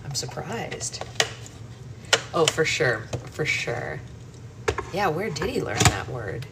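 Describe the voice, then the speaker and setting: A chatty woman hosts a live book club from home, telling stories to her viewers with plenty of "um" and "like." Her voice sits low for a woman. She sounds set back from the mic, over a loud, steady air-conditioning hum. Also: slow, recorded from a distance. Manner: chatty, animated storytelling with frequent "um" and "like". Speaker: book club livestream host. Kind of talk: casual chat with live viewers.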